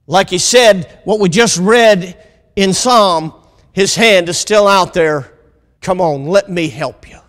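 A man delivers a sermon in a high voice, stretching his phrases slowly and pressing hard on key words. He calls for amens from his listeners between points. The sound carries a long reverb from a large hall. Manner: preaching with call-and-response asides, rising to loud emphatic peaks; drawn-out, deliberate delivery. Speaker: pastor teaching a Bible lesson.

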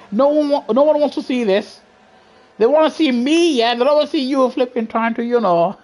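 A young man, streaming live racing gameplay and teasing the players in his lobby, laughing often and full of slang. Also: very high-pitched. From England. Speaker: gaming streamer.

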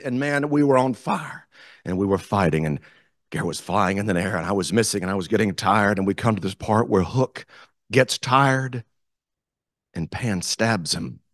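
A man telling a story as guest speaker at a club meeting, animated, acting out the quotes. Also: fairly low pitch, no echo, clean studio sound. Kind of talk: storytelling speech. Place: meeting room.

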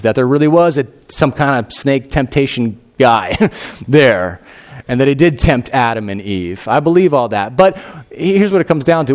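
A male pastor preaches in a loose, chatty way, full of "you know" and "I mean". His voice sits fairly high, and he swings from excited highs to quiet, low lines as he retells a story. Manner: conversational and animated, with fillers. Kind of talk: sermon.

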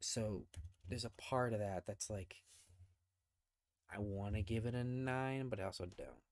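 A man co-hosting a podcast, reviewing films in a relaxed, hedging, rambling way. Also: fairly low pitch, unhurried, no room sound, studio quality. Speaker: podcast co-host. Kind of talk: casual film review chat.

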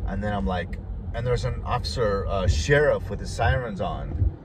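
Male vlogger, lowish voice, casual rambling storyteller, traffic noise behind. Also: moderate pace. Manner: rambling, full of fillers and restarts.

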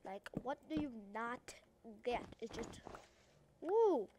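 A young-sounding woman with an Australian accent chatters through her game, her high voice bouncing from joke to joke. She rambles, teases herself and races ahead, with a faint hiss under the mic. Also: a little slow. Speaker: gaming YouTuber. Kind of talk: casual let's-play commentary.

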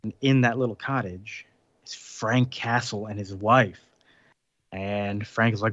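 A man's voice: lowish voice, steady tone, a bit bright, no echo. Chatty man recapping comics, dry lo-fi sound. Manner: rambling recap with frequent fillers and quick laughs. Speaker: podcast co-host recapping comics. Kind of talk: casual chat.

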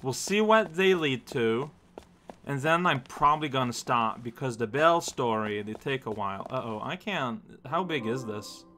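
A man casually commenting on his gameplay, musing out loud and rambling with lots of fillers. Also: medium pitch, animated, moderate pace. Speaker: let's play host.

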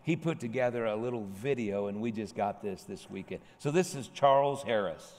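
A male pastor telling a lively, humorous story from the pulpit in a large church sanctuary. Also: on the low side, normal speed. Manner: animated anecdote with humorous asides. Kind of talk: storytelling sermon. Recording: long hall reverb.

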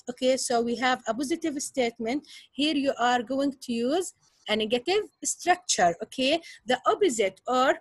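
A woman's voice: sits high, no room sound, low-quality recording. A woman with an Arabic accent teaching an English grammar lesson, explaining step by step and checking understanding with a frequent "okay?".

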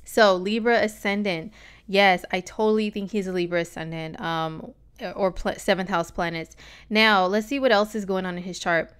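A woman's voice: mid-range voice, moderate pace, a bit bright, smooth. A woman talking casually on a vlog, giving a chatty, sassy astrology reading full of slangy asides.

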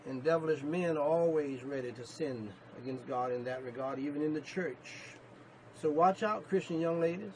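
A male pastor preaching a sermon, emphatic, repeating himself and rising to sudden loud peaks. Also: a little high, moderate pace, a little hiss or hum, low-quality recording.

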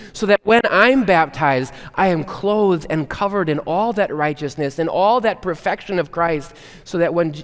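A man preaching a chapel sermon to students, earnest and swinging from loud, emphatic lines to hushed ones. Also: a little high, in a large hall. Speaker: chapel speaker. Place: school chapel.

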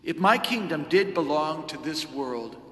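Serene Jesus, read by a man at a slow, deliberate pace; bright voice in a reverberant church. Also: fairly high pitch, animated. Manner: measured, solemn reading. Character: Jesus, calm grown man, steady and serene. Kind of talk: liturgical scripture reading. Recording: echoey church with long reverb.

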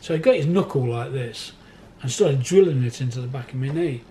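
A record collector, interviewed in a record warehouse, rambles through anecdotes, laughs through his stories, and mimics other people's voices. His mid-range male voice is animated, brisk, and warm, with slight background noise.

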